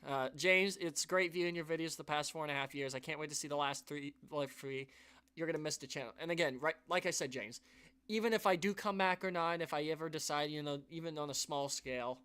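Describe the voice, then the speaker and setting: A YouTube channel host speaks briskly in a fairly high voice that is sharp yet clear and resonant. On his live stream he talks to viewers in an earnest, emotional ramble filled with restarts and sighs.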